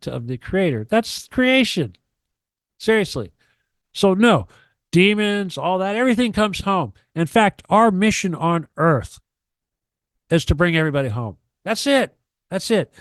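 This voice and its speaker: A man with a slightly high voice lectures a radio audience, swearing often and hammering his points through repetition. He sounds close to the microphone, with almost no room around him. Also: smooth, dry recording. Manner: profane, emphatic, preachy, repeats himself. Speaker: guest on a radio talk show. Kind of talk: ranting radio talk.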